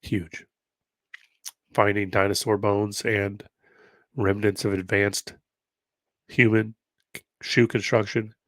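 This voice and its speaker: A man's voice: on the low side, flat delivery, slow pace, long pauses, fairly bright tone, dry recording. A man with a nasal, congested voice, hosting a video and mixing casual commentary with reading aloud. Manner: conversational, musing asides between read passages. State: congested from allergies. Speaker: host of a history-mystery channel.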